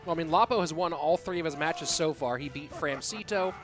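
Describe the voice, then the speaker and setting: A man's voice: fairly high pitch, brisk, over music. A man hosting an esports live stream, chatting in a laid-back, joking way. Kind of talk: casual live-stream commentary.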